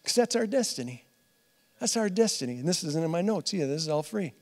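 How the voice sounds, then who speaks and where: A man preaching a conversational sermon as pastor. He is earnest, laughs often, repeats phrases, and swings from loud emphatic lines to quiet asides. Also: fairly high pitch, sing-song, quick pace, big-room sound. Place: church hall.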